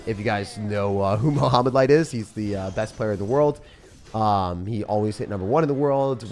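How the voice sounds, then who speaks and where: A young man commentating his own game on a live stream, fast and jokey, chatting to viewers as he plays. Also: on the low side, a little mellow. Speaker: gaming streamer.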